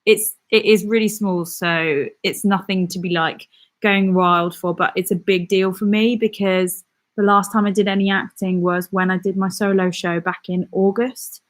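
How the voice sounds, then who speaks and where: A woman's voice: medium pitch, fairly even intonation, moderate pace. A young woman from England chatting casually on a live stream as a vlogger, bubbly and reading viewer comments aloud.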